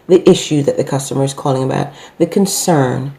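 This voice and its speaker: A woman's voice: rumbling low, fairly quick, vocal fry, warm tone. A middle-aged woman and business owner, teaching customer service in an unscripted talk, hesitant with many fillers and self-corrections.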